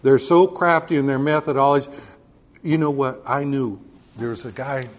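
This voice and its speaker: A man's voice: medium pitch, fairly even intonation, normal speed. Texan male pastor, mid-range voice, casual verse-by-verse preaching with emphatic peaks. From Texas. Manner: conversational preaching, rising emphatic on key points. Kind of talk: sermon.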